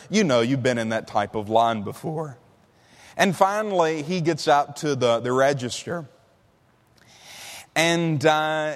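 A man preaching a sermon in a conversational way, slowing down and stretching the key words for emphasis. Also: medium pitch. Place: large church hall. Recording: long hall reverb.

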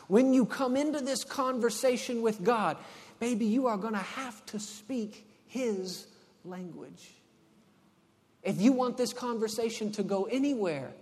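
A man with a high voice preaches to a congregation in a big hall, and long reverb trails after every line. He moves between hushed, intimate passages and loud, emphatic ones. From Texas. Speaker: pastor. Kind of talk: sermon.

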